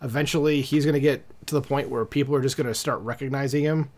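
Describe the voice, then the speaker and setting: A man's voice: mid-range voice, fairly even intonation, fast talker, darkish tone. A man hosting a commentary channel, reading an article aloud and breaking in with casual, irritated asides full of fillers. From United States.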